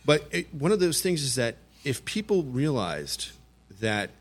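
A man's voice: mid-range voice, big pitch swings, measured pace. A man co-hosting a podcast, talking earnestly and a little hesitantly in casual chat. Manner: earnest, hesitant, repeats words. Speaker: podcast co-host.

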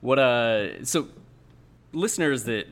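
A man co-hosting a podcast in casual chat, playful and halting, with plenty of fillers. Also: mid-range voice, expressive, fairly bright tone. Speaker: podcast co-host.

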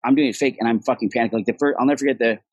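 A man's voice: medium pitch, steady tone, rapid-fire, a little mellow, slightly rough, no room sound, lo-fi sound. A middle-aged man from Ireland, an actor guest telling stories in casual podcast chat, swearing freely and acting out the voices of people he quotes.

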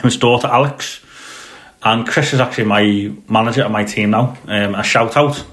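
A man co-hosting a casual football podcast. His voice sits fairly low, and he rambles along with plenty of "um"s and false starts. The recording has a roomy echo around it. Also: fairly even intonation, normal speed, a bit bright. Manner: rambling, with many fillers and restarts. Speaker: podcast co-host. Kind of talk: casual chat.

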